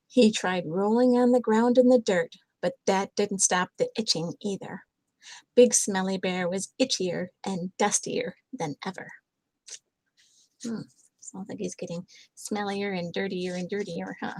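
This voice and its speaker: An older woman reading a picture book aloud to her grandchildren, gentle and chatty, with lots of little asides. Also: mid-range voice, unhurried, no room sound, rough recording.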